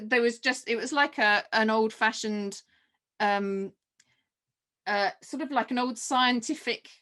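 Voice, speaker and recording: A woman, a mother, guest on a podcast, telling a personal story casually and acting out remembered dialogue. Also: fairly high pitch. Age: adult with children. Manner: animated, acts out remembered dialogue.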